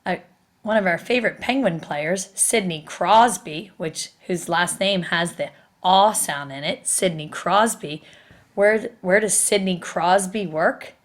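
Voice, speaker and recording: A woman's voice: lowish voice, measured pace. A woman teaching a recorded spelling lesson, explaining each step patiently and asking her students questions.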